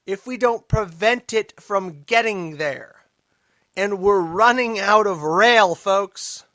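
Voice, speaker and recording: A man hosting a political commentary podcast, emphatic and sarcastic, dropping to mutters and then rising loud. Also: high-pitched, slow pace, no echo, studio quality. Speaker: podcast host.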